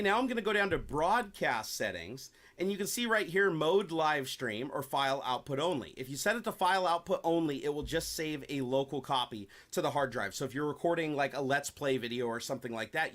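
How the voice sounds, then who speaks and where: A man with a slightly raised pitch talks viewers through a screen-recorded software tutorial. He explains each step plainly and addresses his audience directly. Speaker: tutorial presenter.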